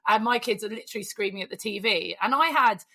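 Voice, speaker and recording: A woman's voice: medium pitch, fast, sharp tone. A British woman hosting a podcast, effusive and emotional, chatting casually with the odd swear word. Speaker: podcast host. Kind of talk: casual chat.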